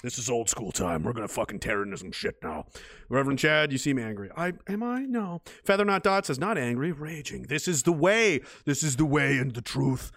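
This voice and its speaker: A man's voice: mid-range voice, lively intonation, fairly quick, a bit bright, a little hiss or hum. A man hosting a livestream, reading chat aloud and ranting in a blunt, angry, heavily profane way. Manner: angry, blunt, swearing constantly.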